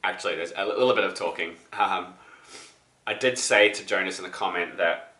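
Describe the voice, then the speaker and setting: A man's voice: low-pitched, brisk, sharp tone, a little hiss or hum. A young New man who sounds a little sick, vlogging casually about records with lots of ums and restarts. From New Zealand. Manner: rambling, many ums and restarts. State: slightly sick voice. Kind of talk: casual vlog to camera. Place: apartment. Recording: echoey room.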